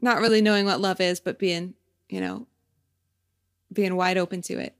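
A woman's voice: lowish voice, steady tone, moderate pace. A woman in her thirties co-hosting a podcast in casual chat, giggly and chatty, trailing off with fillers. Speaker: podcast co-host.

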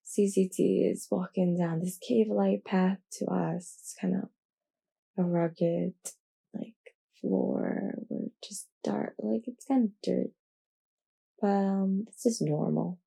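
A woman's voice: lowish voice, fairly even intonation, takes it slowly, vocal fry, mellow, breathy edge. A half-asleep woman improvising a story aloud, rambling, giggling and correcting herself as she goes. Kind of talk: improvised bedtime-style narration.

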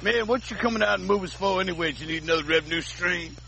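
A stubborn, self-serious method actor in a film comedy. His voice is gravelly and bright-edged, and he lectures in a gruff, preachy way. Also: high-pitched, fast talker, slight background noise, exaggerated voice. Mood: scoffing. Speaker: film character.

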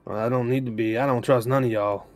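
A man running a tabletop game as game master, relaxed and hesitant with frequent ums. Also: mid-range voice, quick pace, soft background music.

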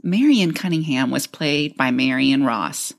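A woman co-host with a notably low voice, walking her friends through research she has gathered. She sounds enthusiastic and tells it like a story. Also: expressive, measured pace, gravelly. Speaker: podcast co-host. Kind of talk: casual chat, reading researched notes.

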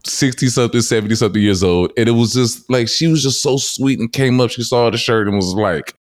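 A man hosting a podcast, chatting casually as a guest and telling stories with lively, high-pitched quotes. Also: fairly quick, dry recording, clean studio sound. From Texas. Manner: animated storyteller, acts out quotes in high voices. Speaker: podcast host. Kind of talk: casual interview chat.

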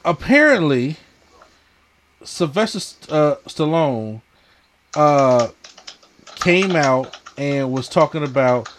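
A man's voice: fairly high pitch, lively intonation, takes it slowly, long pauses, slight background noise. A man co-hosting a casual podcast chat, often stammering and repeating his words. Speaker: podcast co-host.

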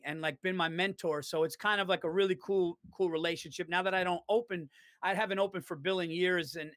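A stand-up comedian chats on a podcast, his voice sitting fairly high. The sound is dry and close, with no room around it. He tells stories with energy, acting out the lines of the people in them. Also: no echo. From New York. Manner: animated storyteller, swears freely, acts out quotes. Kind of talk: casual podcast chat.

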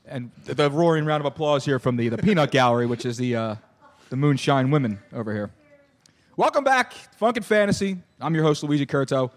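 A man rattles along at high speed in a slightly high voice as he hosts a sports podcast from a bar. He rambles, doubles back on his words and fills the gaps with filler sounds. The talk is loose and casual. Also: fairly quick. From Philadelphia. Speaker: podcast host.

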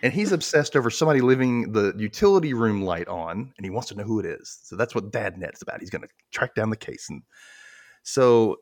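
A man hosting a podcast, casually recapping a sketch show, laughing often and acting out quoted lines in silly high voices. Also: expressive, brisk. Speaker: podcast host.

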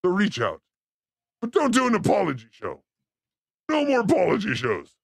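A man's voice: normal speed, creaky, slightly rough, no room sound, studio quality. A man hosting a show, delivering a rambling, joking comedic monologue. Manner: animated, joking, pitch swooping up and down. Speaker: host.

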